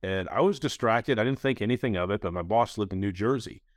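Lowish-voiced guy in his 30s hosting a podcast, animated storyteller, dry close mic. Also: quick pace, dry recording. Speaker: podcast host. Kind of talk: casual podcast interview.

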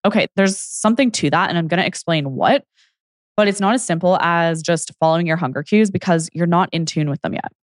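A woman's voice: fairly low pitch, fairly quick, no room sound, clean studio sound. A young adult woman hosting her podcast as a fitness coach, talking casually with lots of "like" and acting out what people said. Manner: chatty, frequent "like", acts out quoted people. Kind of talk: casual solo podcast monologue.

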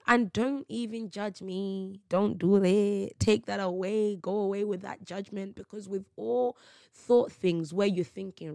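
A woman's voice: medium pitch, steady tone, a little slow, vocal fry, darkish tone, no echo. A woman delivering an emphatic, slangy faith monologue on her podcast. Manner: emphatic, preachy, slangy storytelling. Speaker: podcast host.

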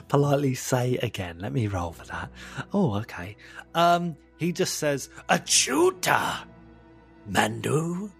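A man's voice: medium pitch, sing-song, normal speed, soft background music. A man narrating a tabletop role-playing game as game master, playful and laughing often.

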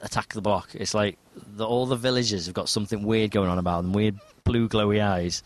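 A man's voice: lowish voice, steady tone, brisk. A man hosting a casual podcast chat, rambling and enthusiastic as he steers the talk. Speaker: podcast host.

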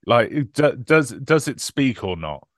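A man's voice: mid-range voice, sing-song, a little slow, a bit bright, dry recording, studio quality. A man hosting a casual podcast chat, joking in a wry way. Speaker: podcast host.

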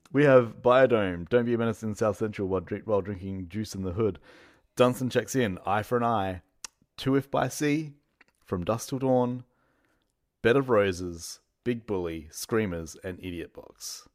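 A man's voice: fairly low pitch, a little slow, no echo, studio quality. A man with an Australian accent, co-hosting a podcast in playful casual chat and laughing often. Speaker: podcast co-host.

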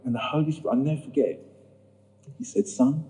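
A man telling his personal testimony in a sermon, acting out the voices in his story and rising high when he gets emphatic. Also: fast talker, darkish tone, rough recording. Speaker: preacher giving testimony.

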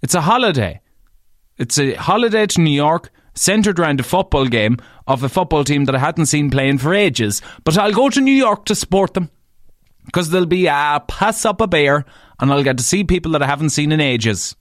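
A man with an Irish accent, a podcast and radio host, tells stories in a casual monologue. He swears freely and jumps up in pitch when he stresses a point. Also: normal speed, no echo, clean studio sound. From Ireland. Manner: animated, swears freely, leaps up in pitch for emphasis.

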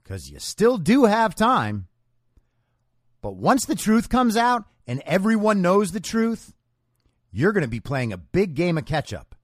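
Male talk host, sarcastic and taunting, slow deliberate pauses, dry close sound. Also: high voice, big pitch swings, dry recording. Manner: sarcastic, mocking, with drawn-out dramatic pauses. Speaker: political talk show host. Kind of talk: scripted political commentary monologue.

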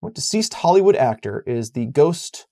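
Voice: medium pitch, very animated, normal speed, warm tone. A podcast co-host in casual chat, playful and joking, reading out quiz questions for a giveaway.

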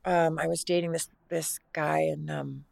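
A middle-aged actress, interviewed casually as a guest, tells a long story in a low-sitting, creaky female voice with a darkish tone and flat delivery. She rambles and halts, making many restarts.

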